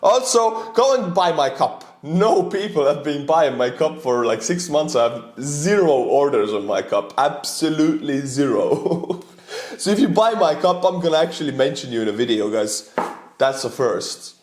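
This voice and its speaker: A man's voice: a little high, lively intonation, moderate pace, darkish tone, roomy sound. A man with an Estonian accent, rambling and chuckling as he reacts to memes. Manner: rambling, chuckling, earnest asides. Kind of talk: casual reaction commentary.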